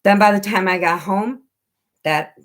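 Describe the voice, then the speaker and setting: A woman chatting casually on a home live stream, telling lively stories and acting out what people said. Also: medium pitch, a little slow. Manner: animated storyteller who acts out quoted voices.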